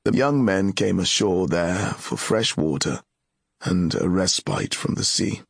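A man narrates a fantasy tale in a measured, solemn way. His deep voice has a gravelly, husky texture and moves slowly. The close recording is dry and free of room sound. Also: lively intonation, no echo. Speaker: audiobook narrator.

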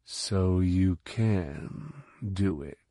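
A man voicing a calm male mentor who speaks softly, evenly and soothingly. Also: deep voice, takes it slowly, no echo, clean studio sound. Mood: serene. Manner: soft, even, soothing.

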